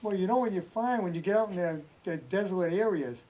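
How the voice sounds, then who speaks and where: A man's voice: high voice, fast, a little mellow, low-quality recording. A man hosting a casual TV interview in an easygoing, chatty way. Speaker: TV host.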